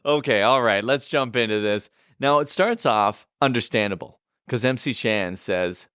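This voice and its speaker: Canadian guy co-hosting a chatty podcast, lowish smooth voice, laughs a lot. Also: moderate pace, few pauses, fairly bright tone, no echo, studio quality. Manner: chatty, laughs often, reads lyrics aloud. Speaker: podcast co-host. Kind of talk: casual chat.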